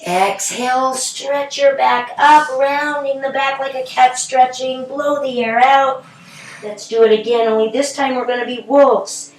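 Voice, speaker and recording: A middle-aged woman guiding a children's yoga class in a gentle, encouraging, playful way. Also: high-pitched, steady tone, measured pace. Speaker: yoga instructor. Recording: echoey room, from a distance.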